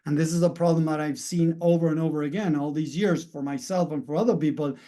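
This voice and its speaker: Guy doing a mindset coaching talk, kinda high voice, rambly, lots of "right?" and "you know". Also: steady tone, fast talker, mellow. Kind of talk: motivational self-help talk to viewers.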